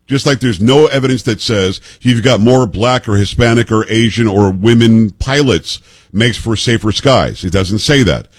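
A man's voice: on the low side, slightly rough, no room sound. A man in his fifties hosting political commentary, emphatic and sarcastic, firing off pointed rhetorical questions. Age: 50s.

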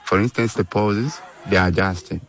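Earnest man, low voice. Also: normal speed, rough recording. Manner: earnest, simple phrasing in short phrases. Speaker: community yoga teacher. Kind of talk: documentary interview.

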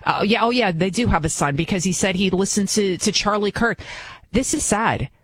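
A woman's voice: mid-range voice, normal speed, a little hiss or hum. A middle-aged woman from the New York area, filling in as a talk radio host and delivering a blunt, emphatic, mocking opinion monologue.

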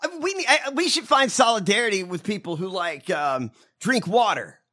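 A man's voice: high voice, normal speed. A man co-hosting a casual political chat show, riffing jokes and swearing freely. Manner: animated, profane, riffing jokes. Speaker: podcast co-host.

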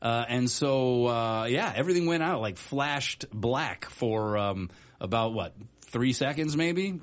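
A man hosts a talk show from a studio, his casual on-air chat full of hesitations and fillers. His voice sits at an ordinary middle pitch. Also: expressive, takes it slowly. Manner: rambling, hesitant, many fillers. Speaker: radio show host.

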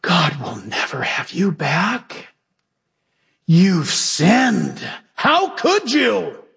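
A man's voice: high-pitched, sing-song, extremely slow, exaggerated voice. A man voicing a seductive, cruel male devil who whispers accusations. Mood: accusing. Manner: hushed, breathy, accusing.

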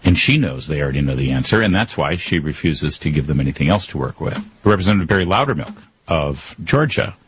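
A man's voice: rumbling low, animated, fast, breathy edge. A man hosting a political commentary show, talking in a sarcastic, emphatic and rhetorical way. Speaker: commentary host.

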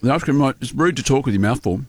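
A man's voice: medium pitch, animated, fast talker, a little mellow, no room sound. Dry, teasing radio co-host man. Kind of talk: casual on-air banter. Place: radio studio.

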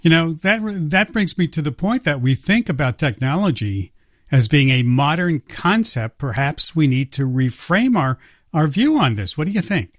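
A man hosting a radio science show, interviewing an author with a warm, engaged manner. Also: on the high side, big pitch swings, moderate pace, no room sound, studio quality.

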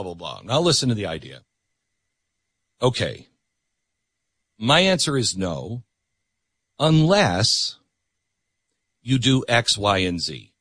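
A middle-aged man hosts a talk show and argues an opinionated political monologue, hammering points home by repeating words. His pitch swings widely as he talks, his voice has a slightly husky edge, and it sounds dry and close. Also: fairly bright tone, no room sound. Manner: emphatic, repeats words for stress.

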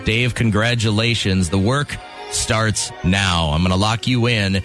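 A man's voice: fairly low pitch, a little slow, over loud music. A man hosting a radio morning show, running a call-in game with upbeat, joking banter in a studio. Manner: upbeat, joking, chatty with callers.

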